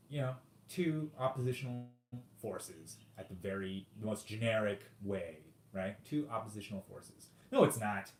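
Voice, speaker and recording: Rambling profane man in an echoey room. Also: lowish voice. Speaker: podcast host. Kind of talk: casual solo podcast monologue. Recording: roomy echoey home recording.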